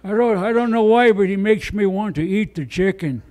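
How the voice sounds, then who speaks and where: A comedian doing a short deadpan impression of a man in a flat voice. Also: high voice, moderate pace, lightly acted.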